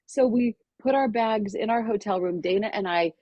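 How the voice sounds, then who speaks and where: Woman, middle-aged, husky, dry close sound, animated storytelling. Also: mid-range voice, moderate pace, dry recording. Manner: lively storyteller who acts out quoted voices. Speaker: podcast guest.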